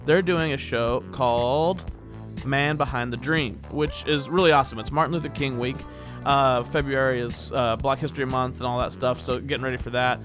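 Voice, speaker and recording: A man's voice: fairly even intonation, moderate pace, music in the background. Rambling, upbeat male podcast host. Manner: rambling and upbeat, with laughs and playful pitch jumps. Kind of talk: casual podcast intro monologue.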